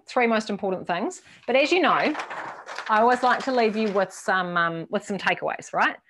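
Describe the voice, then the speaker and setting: A woman giving a casual, lively workshop talk to a team, swearing now and then and acting out quoted voices. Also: lowish voice. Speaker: workshop presenter.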